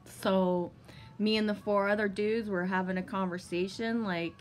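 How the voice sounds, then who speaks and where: Woman rambling through a story on her vlog, cussing constantly, gets giddy and excited, mid pitch, bit of faint noise behind. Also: normal speed. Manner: rambling, heavy swearing, many fillers; bursts of giddy excitement and laughter. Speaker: vlogger. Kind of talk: casual storytelling.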